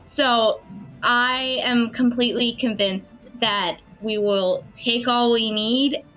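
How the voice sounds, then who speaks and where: A woman playing in a tabletop game, explaining her plans deliberately and with excitement. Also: fairly high pitch, highs cut off, soft background music. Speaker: player. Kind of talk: casual game chat.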